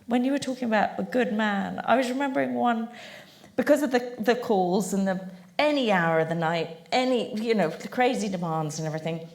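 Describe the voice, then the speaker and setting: Speaking at a public venue as a panel guest, a woman tells anecdotes on stage and laughs often. Her voice is mid-range and her pace fairly quick.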